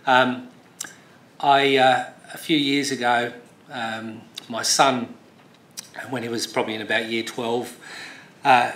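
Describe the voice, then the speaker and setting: A man's voice: medium pitch, level tone, slow, long pauses, a bit bright. A middle-aged man giving a speech, telling a story loosely with many fillers and restarts, then turning rousing and emphatic. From Australia. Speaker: speaker. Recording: echoey hall recording.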